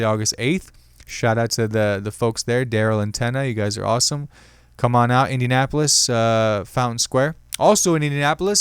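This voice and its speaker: Young man, comedy podcast host, rambling jokey talk, smooth clear voice, dry close sound. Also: mid-range voice, no echo. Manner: rambling, self-amused, jokey. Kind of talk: solo comedy podcast chat.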